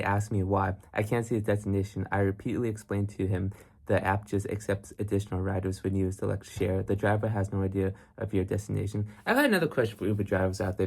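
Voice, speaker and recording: A man hosting a reaction video, chatting casually and putting questions to his viewers. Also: on the low side. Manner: talks to viewers with questions and asides.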